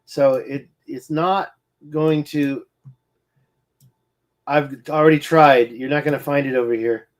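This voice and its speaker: An independent researcher rambles through a screen-share of satellite maps, muttering, restarting sentences and self-correcting as hiccups distract him; his eye is twitching too. His mid-range voice is slow and fairly even, with frequent pauses.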